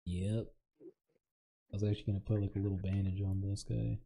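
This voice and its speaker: A man's voice: lowish voice, little pitch movement, moderate pace, vocal fry, heavy background noise. A man co-hosting a podcast, teasing his friends in crude, casual banter and laughing often. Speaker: podcast co-host.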